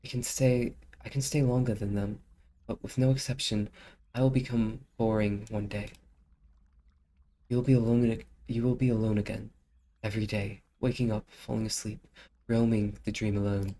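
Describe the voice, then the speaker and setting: Streamer doing calm guarded leader, attempted British accent, measured, mellow tone. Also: medium pitch, a little hiss or hum, lightly acted.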